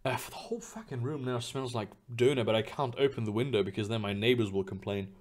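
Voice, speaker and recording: This young man streams live from his home room, reading chat in a steady, medium-pitched voice at a fast clip. The talk is casual and rambling, with free swearing, plenty of fillers and frequent restarts.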